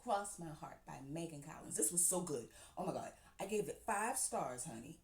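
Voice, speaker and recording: A woman talking casually about books she has read, chatty and quick to giggle, calling her listeners "honey.". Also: deep voice, expressive. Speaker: book reviewer. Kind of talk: casual chat. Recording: roomy echo.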